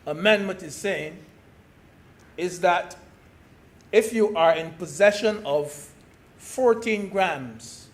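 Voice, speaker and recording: A man from Barbados giving a parliamentary speech as a senator, slow and deliberate, stressing key words. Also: sits high. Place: senate chamber.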